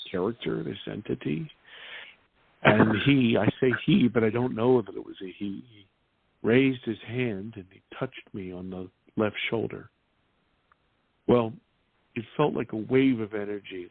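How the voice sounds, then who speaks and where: Gravelly husky guy in his 50s telling his story over a tinny dry phone line, lowish voice. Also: dry recording. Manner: earnest, vivid retelling with halting restarts. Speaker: interview guest. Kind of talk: personal storytelling in an interview.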